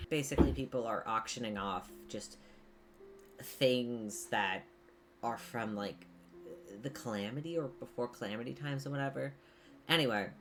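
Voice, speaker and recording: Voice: medium pitch, a bit bright. A game master voicing a flustered, rambling young adventurer. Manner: halting, full of fillers and restarts. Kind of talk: voicing a character in a tabletop game.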